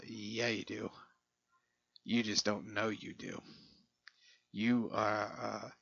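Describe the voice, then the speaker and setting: Gravelly, rambling middle-aged man. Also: lowish voice, a bit bright. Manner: rambling, profane, chuckling. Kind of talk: casual rambling monologue. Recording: dull lo-fi recording.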